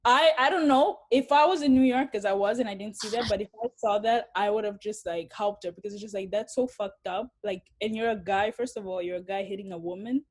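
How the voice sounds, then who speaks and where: A woman's voice: medium pitch, steady tone, a little fast, hardly any pauses, darkish tone. A young woman from Africa, speaking bluntly and swearing freely in a casual interview.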